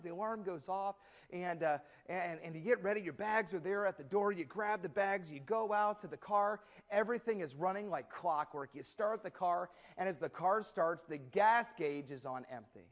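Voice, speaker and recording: In a high voice, a man delivers a dramatic, story-driven sermon, shifting from booming proclamations to quiet asides full of folksy humor.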